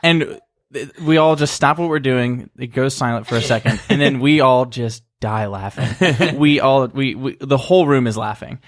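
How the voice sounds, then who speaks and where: A man guest on a casual chat podcast, telling an animated story and laughing as he goes. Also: medium pitch, moderate pace, hardly any pauses, no echo, studio quality.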